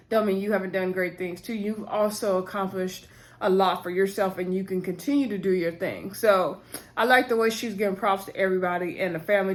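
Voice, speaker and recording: Chatty woman in her thirties, casual TV recap host, mid-pitched. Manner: chatty, addresses viewers as y'all, asides and laughs.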